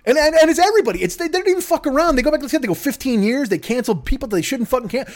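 A man's voice: very high-pitched, lively intonation, rapid-fire, few pauses. A man ranting in a profane comedic monologue as a podcast host, swearing heavily and slipping into mocking voices. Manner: rants with heavy swearing and mock voices.

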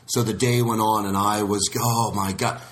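A man's voice: on the low side, little pitch movement, moderate pace, fairly bright tone, slight background noise. A man hosting a podcast in casual chat, rambling and restarting his sentences, slipping into voices when he quotes people. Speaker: podcast host.

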